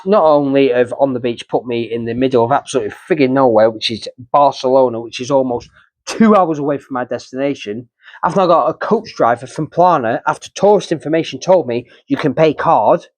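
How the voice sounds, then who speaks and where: A man's voice: mid-range voice, dry recording. A man in his thirties, a travel vlogger, telling a story casually and with indignation, repeating himself as he goes. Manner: animated, indignant retelling with repeated phrases.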